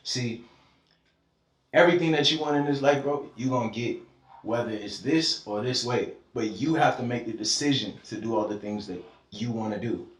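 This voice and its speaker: Speaking at normal speed in a mid-range voice, the Georgian podcast guest turns fervent and preachy, swearing liberally in a relaxed heart-to-heart. The room echoes and the mic sits far away.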